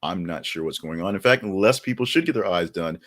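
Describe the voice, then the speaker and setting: A man's voice: low-pitched, animated, a little fast, fairly bright tone. A middle-aged man hosting a podcast, commenting on the news in a rambling, casual way with lots of fillers and wry asides. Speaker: podcast host.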